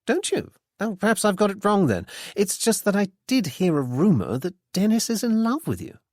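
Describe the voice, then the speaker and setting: A man reading an audiobook, voicing a young gentleman amateur detective with a bland, politely ironic manner. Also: high voice, very animated, normal speed, no echo, studio quality, pitched above the performer's own voice. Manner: politely ironic, mock-innocent.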